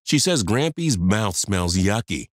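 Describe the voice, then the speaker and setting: A man voicing an angry, fed-up wife in her fifties, scolding in sharp outbursts. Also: deep voice, very animated, brisk, dry recording, studio quality.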